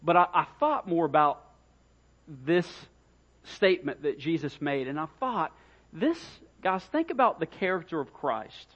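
A man's voice: fairly high pitch, very animated, a little slow, a bit bright, muffled recording. A man, a pastor, preaching a sermon in a conversational way, often repeating key phrases for emphasis.

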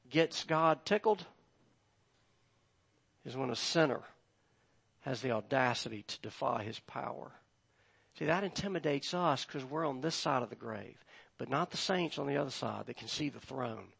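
Slow, emphatic male preacher. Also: medium pitch, creaky, slightly rough. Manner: slow, emphatic preaching that swells loud on scripture. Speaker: pastor. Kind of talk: sermon.

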